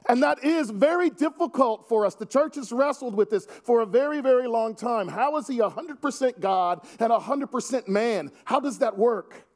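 A man's voice: extremely high pitch, expressive, moderate pace, few pauses, darkish tone. A man preaching a sermon to his congregation, earnest with wry asides. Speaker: pastor.

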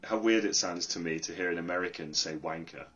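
A man's voice: deep voice, a little fast, crowd noise. A man co-hosting a gaming podcast, swearing casually and teasing his friends. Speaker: podcast co-host. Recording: muffled lo-fi audio.

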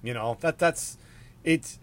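A man's voice: mid-range voice, slow pace. Guy ranting on his podcast, swears a lot, all over the place. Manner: profane, rambling, animated rant. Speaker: podcast host. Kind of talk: casual ranting monologue.

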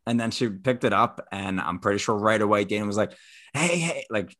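A man co-hosting a podcast, telling a story in a casual, animated way and acting out the people in it. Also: lowish voice, fairly quick. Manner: animated, acts out every voice. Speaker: podcast co-host.

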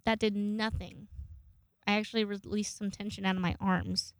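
A young woman hosting a podcast tells rambling stories on a casual show, swearing a lot and mocking herself. Her mid-range voice has a flat delivery at normal speed, with no echo.

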